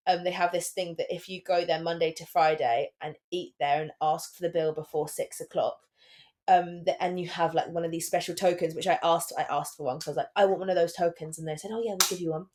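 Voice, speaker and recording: Podcast co-host: young woman, rapid chatty storyteller, filler-heavy casual delivery. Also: on the low side, steady tone, darkish tone. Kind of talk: casual chat.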